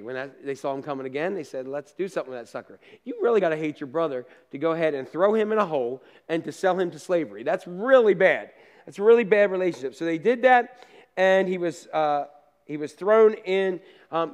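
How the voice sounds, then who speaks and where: Preaching with a fairly high, expressive male voice at a slightly fast clip, this pastor tells his sermon conversationally, story-style, with homespun asides. His volume swings from loud outbursts to hushed comments.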